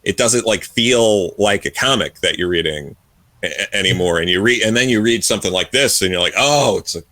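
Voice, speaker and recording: Male co-host, low and sharp-toned, dry mic, fast emphatic talker who stumbles on his words. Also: no echo. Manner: quick bursts of agreement, stammering restarts. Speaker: podcast co-host. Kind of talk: casual comic book discussion.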